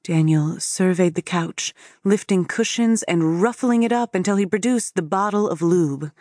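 A woman's voice: fairly low pitch, moderate pace, warm tone, no room sound, studio quality. A woman narrating a first-person story for an audiobook in an intimate storytelling manner.

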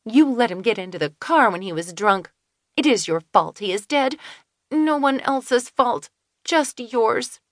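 A woman's voice: fairly high pitch, lively intonation, unhurried, no echo, studio quality, pitched above the performer's own voice. A woman narrator voicing an angry young woman in painful labor who snaps and wails at her doctor. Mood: hostile, wailing. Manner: snapping, wailing, hostile.

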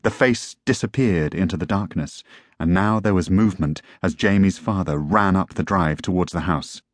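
A man's voice: sits low, moderate pace, no echo, clean studio sound. A man narrating a tense story as an audiobook reader. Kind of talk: scripted narration.

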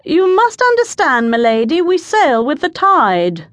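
A woman narrator voicing a courteous, formal gentleman who commands a ship. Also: sits high, wildly swooping pitch, unhurried, no echo, pitched above the performer's own voice, full character voice.

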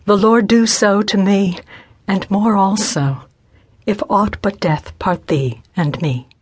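A woman's voice: medium pitch, takes it slowly, breathy edge, dry recording. A woman voicing a devoted young widowed woman in an audiobook reading, earnest and steadfast. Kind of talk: scripted audiobook narration.

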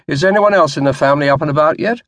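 A man's voice: on the high side, very fast, fairly bright tone, dry recording, voice pushed up, lightly acted. A man voicing a young naval officer and lord who speaks to his servant sternly but patiently. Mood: dry. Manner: stern, dry.

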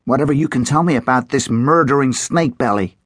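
A man's voice: mid-range voice, fairly quick, husky, no echo, clean studio sound, pitched above the performer's own voice, natural voice. A man voicing an earnest teenage elf boy. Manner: earnest, trying to sound steady. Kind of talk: audiobook character voice.

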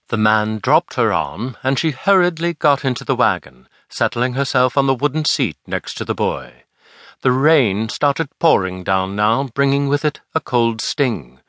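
A man narrating a historical novel as an audiobook, expressive storytelling. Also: mid-range voice, no room sound, clean studio sound.

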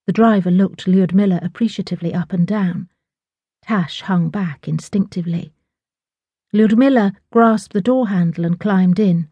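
A woman narrating a novel in a measured, even storytelling manner. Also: mid-range voice, slightly rough, dry recording, dull audio. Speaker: audiobook narrator. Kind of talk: scripted narration.

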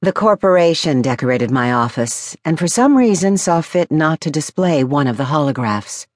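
A woman's voice: low-pitched, lively intonation, normal speed, dry recording, studio quality. A woman voicing a poised, amused madam in charge of a luxury ship, speaking with teasing self-assurance in an audiobook. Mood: wry. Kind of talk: audiobook character voice.

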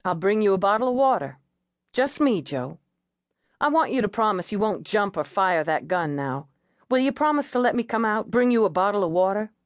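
A woman reading an audiobook voices a steady female police negotiator, calm and coaxing. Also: medium pitch, moderate pace, no room sound, clean studio sound, close to an everyday voice.

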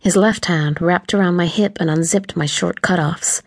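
Woman audiobook narrator, first person, steady and tense, lowish voice, close dry studio mic. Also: normal speed, no echo.

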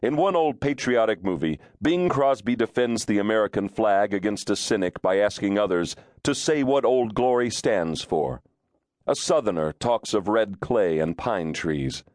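A man's voice: on the low side, expressive, moderate pace, darkish tone, no echo. A man reading a nonfiction audiobook aloud in a wry, storytelling manner, close to a studio mic. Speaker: audiobook narrator. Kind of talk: scripted audiobook narration.

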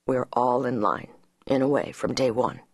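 A calm, steady grown man in an audiobook, his voice dropped well low and kept quiet and firm, as a woman narrator puts him on. He speaks gently but leaves no room for argument, in a dry, close reading. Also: a little slow, gravelly, breathy edge, no echo, heavily acted. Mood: softly firm.

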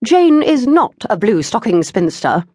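A woman's voice: sing-song, measured pace, a little mellow, breathy edge, dry recording, studio quality, full character voice. A woman voicing an exasperated, theatrical society mother who scolds her grown daughter. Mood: indignant. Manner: shrill, indignant, theatrical.

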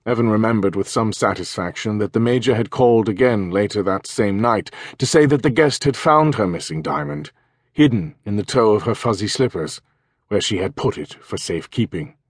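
A man narrating an audiobook in a measured, even reading. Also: on the low side, breathy edge, no echo, studio quality. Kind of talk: scripted narration.

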